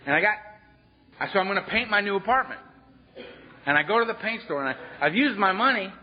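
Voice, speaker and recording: Blunt male workshop speaker, animated salty storytelling, higher voice, dull lo-fi workshop tape. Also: fairly quick. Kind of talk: storytelling talk. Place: workshop room.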